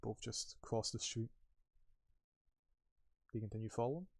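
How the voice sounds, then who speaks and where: A man's voice: lowish voice, normal speed, gravelly, darkish tone, no echo, studio quality. A man running a tabletop game as game master, narrating loosely with many fillers.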